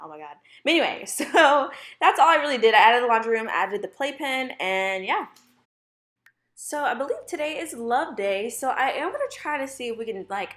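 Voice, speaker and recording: A woman's voice: a little high, fairly bright tone, reverberant. Bubbly young woman narrating gameplay. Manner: bubbly, gushing, chatty with many "like"s. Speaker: gaming YouTuber. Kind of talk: casual gameplay voice-over. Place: home room with dogs.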